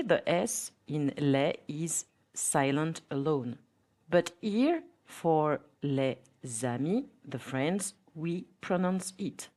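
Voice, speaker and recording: A woman teacher with a French accent gives a podcast lesson in a low, unhurried voice. She models each word slowly and carefully so listeners can repeat after her. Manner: slow, careful, modelling words for repetition.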